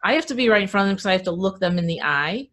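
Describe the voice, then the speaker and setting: A woman guest in a casual interview, an animated storyteller who chuckles as she talks. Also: medium pitch, racing.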